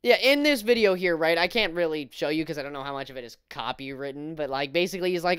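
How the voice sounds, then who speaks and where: A man's voice: on the high side, quick pace, few pauses, a bit bright, clean tone, no echo. Sarcastic man ranting on a dry mic. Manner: sarcastic, exasperated, rambling with restarts. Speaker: commentary YouTuber. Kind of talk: casual mocking commentary.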